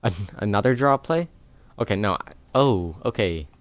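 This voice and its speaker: Young male gaming creator, lowish clean voice, casual step-by-step tutorial talk, dry close mic. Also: lively intonation, moderate pace, no room sound. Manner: explains plays step by step, chatty with fillers.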